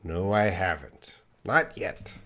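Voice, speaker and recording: With a low, animated voice that sounds pushed and bright, a man runs a live online English lesson. He reads chat questions aloud, corrects them with patience, and keeps his speech slow and clear for learners, despite sounding tired.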